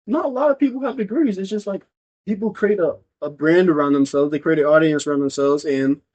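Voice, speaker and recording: A man's voice: on the high side, a little fast, darkish tone. A young man co-hosting a casual podcast, joking and slangy. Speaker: podcast co-host. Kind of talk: casual chat. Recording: dull lo-fi sound.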